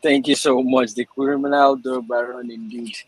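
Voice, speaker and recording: A man's voice: mid-range voice, flat delivery, normal speed, husky, rough recording. A man hosting a live online audio discussion, talking with many hesitations and fillers. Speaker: host of an online audio room. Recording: faint hiss and clicks.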